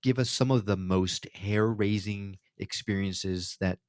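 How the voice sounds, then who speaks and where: A man's voice: fairly low pitch, measured pace, clean tone, no echo, clean studio sound. A man hosting a podcast interview, conversational and explaining things to listeners. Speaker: podcast host.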